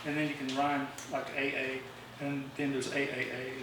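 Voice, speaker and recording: A man's voice: mid-range voice, monotone, moderate pace. A man giving an informal songwriting talk at a club meeting, rambling with fillers and restarts, recorded from a distance in a meeting room. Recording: very echoey room, distant mic, faint hiss.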